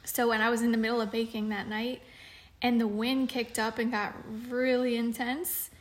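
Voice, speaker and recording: A woman's voice: fairly high pitch, little pitch movement, moderate pace. A woman co-hosting a podcast, telling a story in casual chat with plenty of fillers and restarts. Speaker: podcast co-host.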